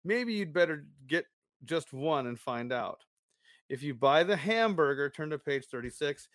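A man's voice: fairly high pitch, expressive, moderate pace, a bit bright, dry recording, clean studio sound. A man co-hosting a podcast, joking and riffing while reading from a children's adventure book. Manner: jokey, riffs with mock voices. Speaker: podcast co-host. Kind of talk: jokey podcast banter and reading.

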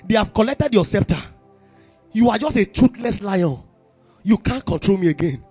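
A man with a Nigerian accent preaching a sermon to young people, impassioned and breaking into shouted exclamations. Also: high-pitched, expressive, moderate pace, slightly rough, no room sound, faint music behind. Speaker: youth preacher.

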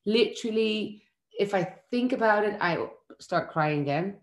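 A heartfelt mother talks openly about her young children, stumbling over and restarting her words as she goes. Her voice sits at a middling pitch for a woman. The room around her rings with a noticeable echo. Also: unhurried. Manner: heartfelt, animated when quoting, many restarts. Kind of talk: candid personal conversation. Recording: roomy echo.

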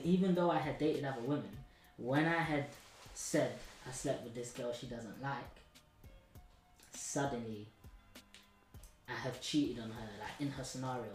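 A man's voice: mid-range voice, a little mellow, reverberant, poor audio. A man, hosting a podcast and telling a candid story, rambling with lots of slang and restarts.

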